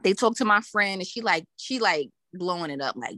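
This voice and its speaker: A woman with a lowish voice speaks a little fast with few pauses, telling an animated story in a casual podcast. She laughs a lot and imitates the voices of the people she quotes, and the recording is dry.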